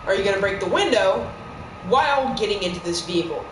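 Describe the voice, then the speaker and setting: A game streamer giving rambling, playful live-stream commentary with sudden squeaky outbursts. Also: animated, quick pace. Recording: echoey room with background noise.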